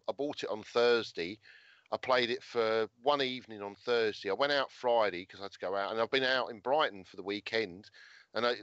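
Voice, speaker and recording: A man's voice: medium pitch, fairly bright tone, no echo. Easygoing man, dry dull audio. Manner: rambling, easygoing, many fillers and restarts. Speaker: podcast co-host. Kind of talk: casual chat.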